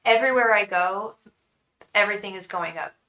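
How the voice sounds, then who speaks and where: Bright-voiced chatty woman tarot streamer. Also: medium pitch, a little fast, roomy sound, poor audio. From San Francisco Bay Area. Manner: chatty, venting, repeats a chanted invocation. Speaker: tarot reader hosting a live stream. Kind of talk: casual live-stream chat.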